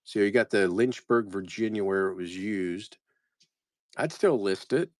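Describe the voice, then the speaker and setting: A man's voice: lowish voice, measured pace, dry recording, studio quality. A man selling postcards on a live stream, casually rambling as he reads out place names and chats with viewers by name. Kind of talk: casual live-sale commentary.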